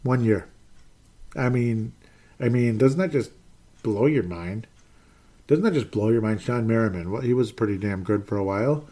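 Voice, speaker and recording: Reading chat comments on his casual live sports show, a man who may be in his forties rambles, pokes fun at himself and sounds fed up. He speaks at a moderate pace with a fairly low, mellow, expressive voice and pauses often.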